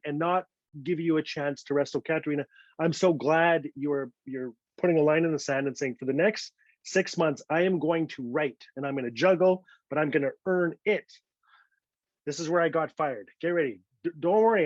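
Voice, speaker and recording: Middle-aged male author, lively storyteller, slightly high voice, dry muffled recording. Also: no echo. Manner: animated, acts out other people's voices in quotes. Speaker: invited author telling a story. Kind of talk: storytelling talk.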